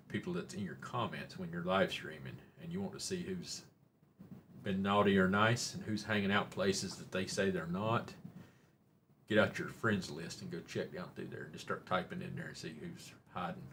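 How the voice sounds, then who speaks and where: Rambling Oklahoma-accented man, low voice. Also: moderate pace, a bit bright, a little hiss or hum. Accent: Oklahoma Southern. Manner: rambling and folksy, jokes with chat, says y'all. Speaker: live stream host. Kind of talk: casual live stream chat.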